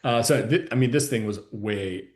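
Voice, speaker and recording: A man from Ohio, a podcast guest, answering in a measured way with frequent ums and you-knows. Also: medium pitch. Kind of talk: casual interview chat.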